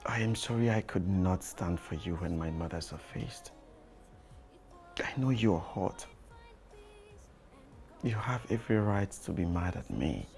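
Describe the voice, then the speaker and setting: A man playing a gravelly, remorseful husband. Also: deep voice, lively intonation, a little slow, pauses often, darkish tone, soft background music, heavily acted. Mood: remorseful pleading. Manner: earnest, pleading. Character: remorseful young husband begging for forgiveness.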